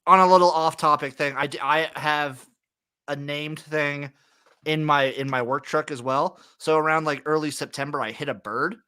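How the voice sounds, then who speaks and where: A man's voice: fairly high pitch, fairly even intonation, normal speed, sharp tone, clean tone. A man hosting a casual podcast, trading loose, swearing jokes with his co-host. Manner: joking, swearing, loose banter. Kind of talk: casual chat.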